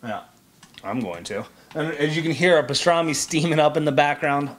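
A man's voice: on the high side, normal speed. A man hosting a casual cooking show in a home kitchen, chatty and jokey as he gives step-by-step instructions.

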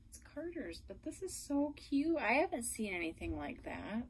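A young adult woman gushing in a casual unboxing vlog, emotional and effusive, at times dropping to a soft whisper. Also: a little high, big pitch swings, slow, a little hiss or hum, poor audio. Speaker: reborn doll collector vlogger.

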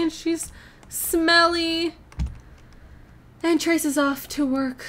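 A woman's voice: very high-pitched, drawn-out words, pauses often, fairly bright tone. A young woman casually narrating a life-sim game from her room at home, chatty, rambling and upbeat, reacting aloud as she plays. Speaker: gaming channel host. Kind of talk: casual let's play commentary.

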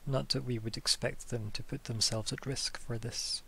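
A stern city leader, a woman pressed by hard times , as a man puts her on in a tabletop game. She speaks at an ordinary middle pitch. Her talk is measured and formal, cornered but never giving ground. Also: fairly even intonation, gravelly, sharp tone, slight background noise. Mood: stern, weary.

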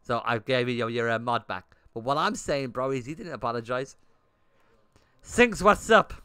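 Young man, livestream chatter, blunt and swearing, bright tone, dry close mic. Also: medium pitch, expressive, moderate pace, clear, resonant tone, no echo. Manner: blunt and swearing, talking to chat in bursts. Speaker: streamer. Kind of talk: casual livestream chat while gaming.

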